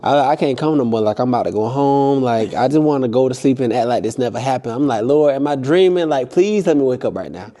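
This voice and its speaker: A young man tells a story to the camera in an easygoing way. His voice sits at a middle pitch with a dark, mellow tone. He acts out the people in the story in bursts of high-pitched voices. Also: fast, few pauses. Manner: animated, impulsive storytelling with high-pitched acted-out quotes. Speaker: vlogger. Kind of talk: casual storytelling.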